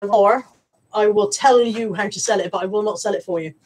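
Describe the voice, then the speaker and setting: Chatty husky woman vlogger. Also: mid-range voice, fairly quick, darkish tone, low-quality recording. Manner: chatty, reads out viewer comments, coos at her dog. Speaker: vlogger and reseller. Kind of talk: casual live-stream chat.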